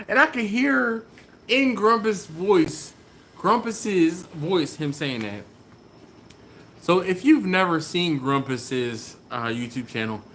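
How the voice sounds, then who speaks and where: A man's voice: fairly high pitch, sharp tone, a little hiss or hum. A man hosting a casual live stream from a garage, chatting loosely, laughing often and reading viewer comments aloud. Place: warm garage beside a running smoker. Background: fan running.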